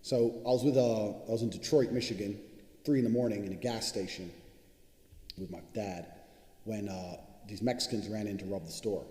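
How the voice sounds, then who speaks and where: Brief: brash man, rapid-fire and full of swearing, mellow dark tone, echoing room with long reverb. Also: lowish voice. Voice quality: profane, boastful delivery. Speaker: self-promoting speaker addressing viewers. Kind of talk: casual monologue to camera.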